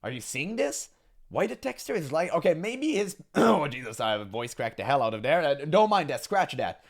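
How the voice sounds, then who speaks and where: Scornful ranting man with lively pitch. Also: fairly quick. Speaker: reaction commentator. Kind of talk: casual reaction commentary.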